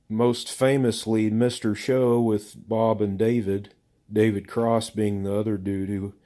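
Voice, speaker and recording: Slow, rambling, self-mocking man. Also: fairly low pitch, dark tone. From Southern United States. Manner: profane, self-mocking, digressive, lots of filler. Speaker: comedian telling a story to camera. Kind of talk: rambling casual monologue.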